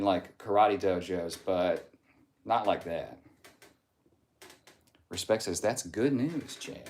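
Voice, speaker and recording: A man live-streaming, reading chat comments aloud in a jokey, casual way and sometimes sliding into a mock Southern drawl. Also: fairly low pitch.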